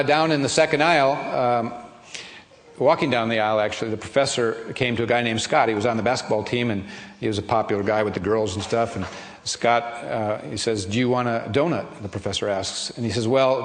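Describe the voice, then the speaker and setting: A man preaching a sermon, telling a story gently and slowing down for tender moments. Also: mid-range voice. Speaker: pastor. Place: church sanctuary. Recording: long reverb of a church hall.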